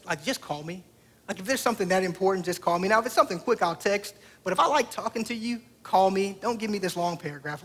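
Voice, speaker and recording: With a high, slightly bright voice, this man in his thirties preaches as a pastor, weaving his sermon around a family story in a conversational way and putting questions straight to the congregation.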